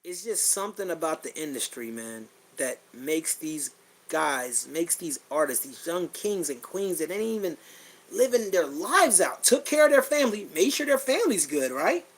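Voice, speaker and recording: A middle-aged man with a fairly high-pitched voice talks bluntly into his podcast mic. He swears freely and circles back on his own phrases as his feeling rises and falls. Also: big pitch swings, normal speed, poor audio. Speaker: podcast host. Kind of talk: blunt personal monologue.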